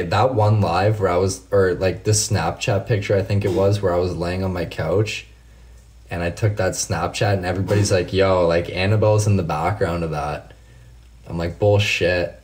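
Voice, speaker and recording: A man's voice: deep voice, steady tone, normal speed, darkish tone. A man casually chatting with viewers on a late-night live stream, swearing freely and telling laid-back stories while he answers comments by name.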